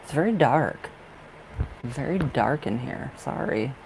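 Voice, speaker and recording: A young man chatting through a casual live tarot stream from a dark room at home, apologizing often, trailing off, and laughing to himself. His voice sits at an ordinary pitch, and a faint noise stays under everything. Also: animated, takes it slowly, creaky, low-quality recording. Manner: chatty, easily distracted, frequent apologies and laughs. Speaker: livestream tarot reader.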